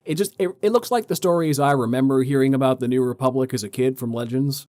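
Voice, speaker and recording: A man's voice: mid-range voice, fast talker, warm tone, no room sound. Enthusiastic man, dry close sound. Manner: agreeable, enthusiastic. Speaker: podcast co-host. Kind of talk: casual chat.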